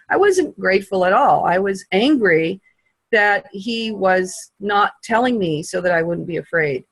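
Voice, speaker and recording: A woman tells a personal story over a video call, halting and heartfelt, with long pauses. Her voice is husky and has a gravelly edge, and she sounds tearful. The sound is dry and close. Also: medium pitch, lively intonation, no echo, low-quality recording.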